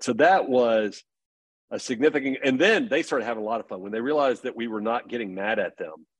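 A man's voice: mid-range voice, brisk, slightly rough, dry recording. A middle-aged man as a podcast guest, earnestly telling stories about parenting in casual conversation. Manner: earnest storytelling.

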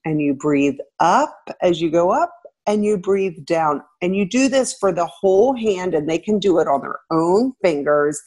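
A woman, a former teacher, giving parenting advice in relaxed conversation, laughing now and then. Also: measured pace. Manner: animated, laughs, acts out quotes with pitch jumps.

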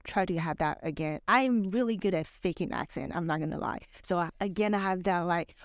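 A woman guest on a podcast telling personal stories in a chatty way, full of "you know" and quick laughs. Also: fairly low pitch, no room sound, studio quality. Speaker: podcast guest, business founder.

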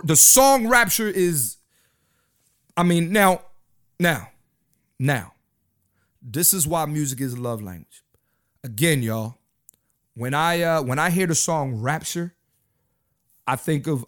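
Male podcast host, high-pitched, casual and slangy, repeats lines for emphasis. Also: lively intonation, slow, pauses often. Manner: loose, slangy, repeats himself. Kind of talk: casual solo podcast chat.

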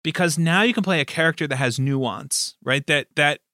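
A man hosting a relaxed chat about running tabletop games, slightly higher-pitched than most men. His voice is bright and forward, and he wanders through his points with fillers and restarts. The recording is close and dry. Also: moderate pace, dry recording. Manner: rambling, many fillers and restarts. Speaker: game master and podcast host. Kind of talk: casual chat.

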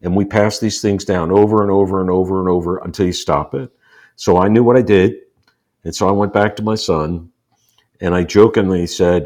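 A man's voice: low-pitched, fairly even intonation, moderate pace, a little mellow. A man in his sixties, a podcast guest, telling personal stories in an earnest, explanatory way and repeating points for emphasis. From United States. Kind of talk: conversational storytelling.

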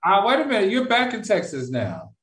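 A man's voice: sits high, wildly swooping pitch, a little fast, a bit bright. Easygoing man in a roomy echo. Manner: easygoing, laughs often. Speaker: brand strategist, co-host. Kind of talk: casual chat. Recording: roomy, distant mic.

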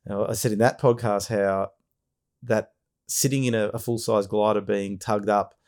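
A man hosts a casual podcast chat in a fairly low, mellow voice. He talks with eager enthusiasm, rambling and restarting his sentences as he goes. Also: fairly even intonation, moderate pace. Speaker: podcast host.

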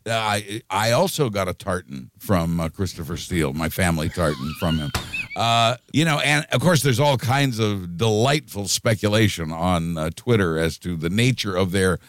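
A man's voice: low voice, expressive, moderate pace. A man commenting on political news in casual talk, hesitant with many restarts and dry wit.

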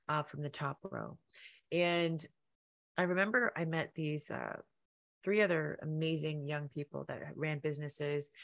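A middle-aged woman hosting a podcast, telling a personal story in an animated way and acting out the lines of people in it. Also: vocal fry. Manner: animated, acts out quotes with big pitch jumps. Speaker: podcast host.

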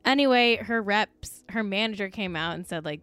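A woman's voice: medium pitch, normal speed, a bit bright, smooth, dry recording. A woman co-hosting a casual podcast chat, gossipy and blunt, peppering her talk with "like.". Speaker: podcast co-host.

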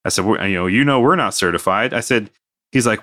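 Bright-voiced man telling a work story. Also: medium pitch, fast talker. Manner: animated, acts out quoted dialogue. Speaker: podcast co-host. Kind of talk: casual storytelling chat.

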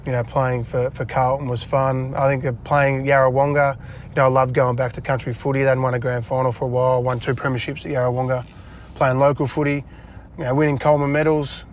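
A man's voice: mid-range voice, little pitch movement, brisk, slight background noise. Chatty Australian man with a laugh. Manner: chatty, laughs often, acts out dialogue in a raised voice. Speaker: interview guest, retired footballer. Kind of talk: casual storytelling interview. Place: inside a parked car.

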